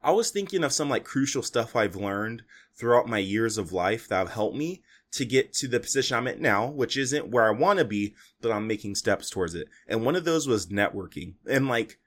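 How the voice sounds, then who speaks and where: A young man hosts his own podcast alone, talking in a loose, rambling way full of fillers and restarts. His tone is motivational and his voice sits at an ordinary male pitch. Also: animated, moderate pace, few pauses, fairly bright tone. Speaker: podcast host. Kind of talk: solo podcast monologue.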